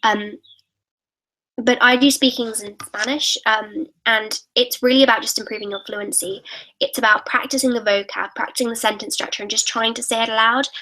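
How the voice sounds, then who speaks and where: A woman's voice: a little high, fairly even intonation, moderate pace, sharp tone, poor audio. Chatty teenage girl on a live stream. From United Kingdom. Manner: chatty and upbeat, reading out comments then answering. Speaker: YouTuber answering live questions.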